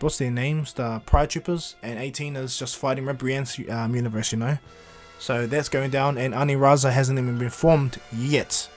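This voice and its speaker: A man casually retelling a fan-made anime story on his channel, rambling with restarts. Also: mid-range voice. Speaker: YouTube storyteller.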